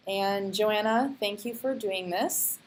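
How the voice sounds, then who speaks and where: A woman hosting an interview, firing off quick questions in a playful way and laughing often. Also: mid-range voice, a little hiss or hum, poor audio. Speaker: interview host.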